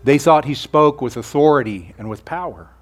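Male pastor, sermon delivery, slightly high voice, earnest and conversational with hushed emphasis. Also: normal speed. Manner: earnest preaching, rhetorical questions, drops to near-whisper on key lines.

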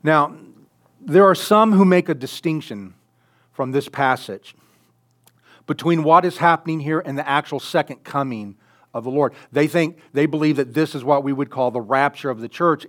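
Earnest preaching man, slightly high. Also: moderate pace. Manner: earnest preaching, swells loud on key phrases. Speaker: pastor. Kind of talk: sermon.

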